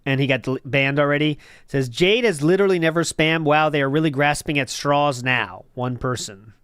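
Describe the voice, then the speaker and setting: A man with a slightly high voice hosts a casual stream and reads out viewer messages. He needles his co-host with dry sarcasm. His voice sounds close and dry, with no room echo. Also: moderate pace, fairly bright tone, smooth. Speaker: host reading chat. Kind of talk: casual chat.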